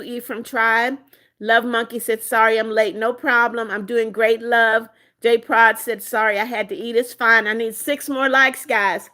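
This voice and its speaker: This livestream host, a middle-aged woman from the US, keeps things chatty and friendly while reading out and replying to viewers' comments. She speaks with a fairly high pitch and a fairly bright tone.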